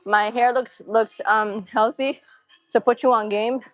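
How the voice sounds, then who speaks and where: A woman's voice: on the high side, steady tone, unhurried, faint music behind. A young woman streaming live from a gym, slightly winded as she chats with her viewers and counts out reps. Her voice is dry and close, with no room echo, and she talks in a loose, casual way. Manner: casual, chatty, counts reps and cues form between sets. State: out of breath. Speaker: fitness streamer.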